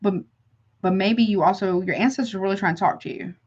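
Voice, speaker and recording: A woman's voice: mid-range voice, fast talker, darkish tone, lo-fi sound. A woman doing a live tarot reading for her chat viewers, chatty and affectionate, calling them honey between card draws. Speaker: tarot reader.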